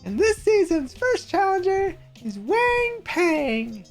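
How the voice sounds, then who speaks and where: A chirpy young TV presenter with a squeaky, sing-song announcer voice pitched far above normal, as a woman puts her on. Lively rises and falls, read out slowly and brightly from game dialogue. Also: soft background music, full character voice. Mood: perky. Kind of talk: reading game dialogue aloud.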